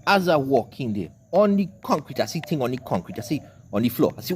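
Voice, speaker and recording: Animated Trinidadian man telling a comic rant. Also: on the high side, a little fast, few pauses, slight background noise. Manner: animated, rambling, cussing dialect talk. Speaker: online commentator.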